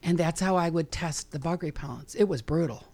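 Gravelly woman chatting animatedly. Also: deep voice. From Chicago, USA. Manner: chatty and animated, quick asides, frequent fillers. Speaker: guest, bug repellent maker. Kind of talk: casual interview talk.

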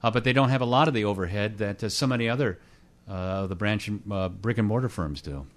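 A man's voice: lowish voice, fast talker. Chatty male radio interviewer. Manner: chatty, jokey, many "uh" fillers. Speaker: radio show host. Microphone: studio microphone with headset.

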